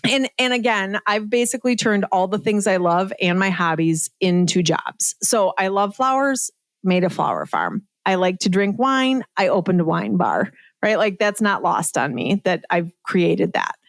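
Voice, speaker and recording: A middle-aged woman talks as a podcast guest, chatty and candid, tossing in "like" and "right?" and laughing at herself. Her voice sits in a middle pitch. The recording is dry and close with no room sound. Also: sing-song, moderate pace, creaky, no room sound. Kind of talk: casual interview storytelling.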